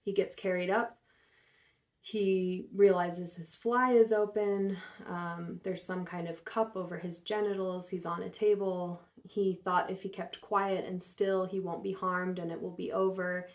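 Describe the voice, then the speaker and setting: Low, flat-voiced woman retelling a story. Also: measured pace. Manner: relaxed, chatty, many fillers. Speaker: host.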